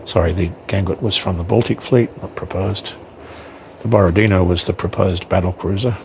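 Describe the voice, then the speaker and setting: A man's voice: low-pitched, steady tone, moderate pace, a little mellow, a little hiss or hum, poor audio. A man giving casual unboxing commentary on his miniatures, hesitant, with frequent ums and self-corrections. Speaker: wargaming hobbyist reviewing miniatures.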